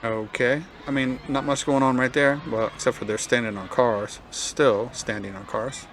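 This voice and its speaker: A man's voice: mid-range voice, fairly even intonation, moderate pace, a bit bright, a little hiss or hum. A man hosting a reaction commentary, talking casually with sarcastic, muttered asides and frequent swearing. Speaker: commentary channel host.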